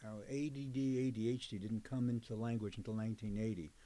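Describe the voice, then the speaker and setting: His voice is fairly low, steady and mellow, and he talks fast. He's an older man, a psychologist and professor, recounting his career in an oral history interview. His storytelling is conversational and digressive, full of fillers.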